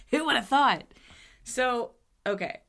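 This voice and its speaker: A woman podcast host telling a funny personal story in a chatty, animated way, laughing often as she goes. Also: a little high, slow, creaky. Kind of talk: storytelling monologue.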